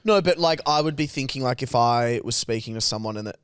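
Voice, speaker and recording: An Australian man in his twenties co-hosting a podcast, enunciating carefully with sharp S sounds. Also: medium pitch, fast talker, smooth, no room sound, clean studio sound. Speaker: podcast co-host. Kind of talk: casual chat.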